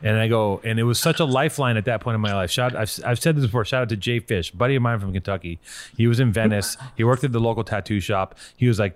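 A call-in show host with a fairly low voice talks briskly, giving blunt, profane motivational advice and telling stories with animated energy. The recording is dry.

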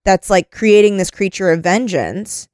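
A woman's voice: mid-range voice, expressive, normal speed, darkish tone, clean tone, dry recording, clean studio sound. A woman hosting a casual podcast chat, agreeing often and reading plot summaries aloud with many "like"s. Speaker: podcast host.

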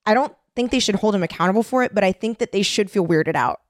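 A woman co-hosting a casual chat, animated and opinionated, often talking over the others. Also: medium pitch, fast talker, no echo, studio quality.

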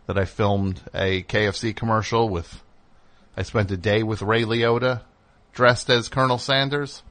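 Rambling male radio host, pitch jumping. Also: fairly even intonation, moderate pace, a bit bright. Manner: rambling and self-interrupting, pitch jumping up when worked up. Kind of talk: candid monologue on a call-in show. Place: radio studio.

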